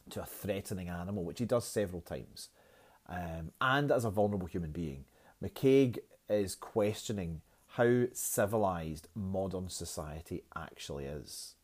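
A man's voice: lowish voice, dark tone. A man, teaching a poetry lesson in a chatty, self-mocking way, with fillers.

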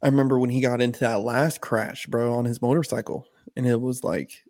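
A man's voice: medium pitch, fairly even intonation, a little fast, darkish tone, no echo, clean studio sound. A man co-hosting a casual podcast, telling loose profane stories full of "bro" and "like". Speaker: podcast co-host. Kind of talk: casual chat.

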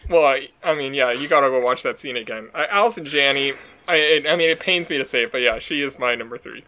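Hesitant, bright-voiced man chatting. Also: mid-range voice, poor audio. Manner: hesitant, halting starts. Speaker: podcast co-host. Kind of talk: casual movie-talk podcast chat.

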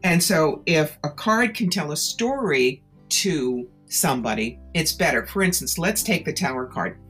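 Low-voiced woman, emphatic storyteller. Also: measured pace, husky, faint music behind. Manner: animated storyteller, emphatic and persuasive. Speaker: author and psychic tarot reader. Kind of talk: interview conversation.

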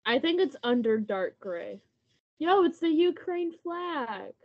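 Female podcast co-host, slow unhurried delivery, playful, slightly dull recording. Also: high voice, animated. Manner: playful, easygoing. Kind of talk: casual chat. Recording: slightly muffled podcast audio.

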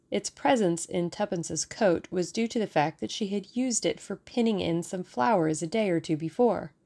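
A woman reads a novel aloud in a measured, expressive way. Her voice sits slightly low and has a gravelly, creaky texture. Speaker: audiobook narrator. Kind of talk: audiobook narration.

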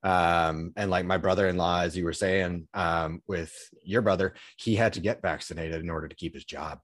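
A man's voice: deep voice, steady tone, moderate pace, dry recording, clean studio sound. A man hosting a podcast in casual conversation, easygoing and earnest, with many fillers like "um" and "like". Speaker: podcast host.

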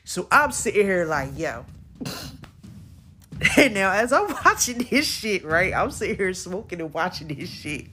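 Lively low-voiced woman hosting a podcast. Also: measured pace. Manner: slangy, animated, keeps checking in with listeners. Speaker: podcast host. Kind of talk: casual chat recapping an interview.

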